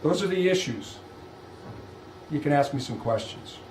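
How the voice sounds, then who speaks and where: Animated man lecturing in an echoey room. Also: on the high side, normal speed, a little hiss or hum. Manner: emphatic, rhetorical questions, animated. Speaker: visiting law lecturer. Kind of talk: lunchtime law lecture. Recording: echoey room, far from mic.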